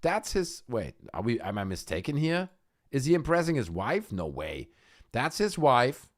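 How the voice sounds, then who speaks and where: Male host, live stream commentary, sarcastic, mocking, very lively pitch, mid-range voice. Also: moderate pace. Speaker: livestream host.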